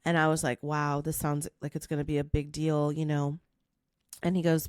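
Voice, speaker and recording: A woman podcast host telling a story in a monologue, acting out the quoted dialogue with lively energy. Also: low-pitched, normal speed, no room sound, studio quality. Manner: animated, acts out quoted dialogue.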